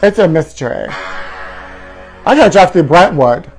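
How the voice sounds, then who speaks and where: A man's voice: a little high, expressive, slow, faint music behind. A man playing a flamboyant, self-adoring male gossip show host, rambling dramatically with sighs and groans in a campy comedic monologue. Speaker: parody talk-show host.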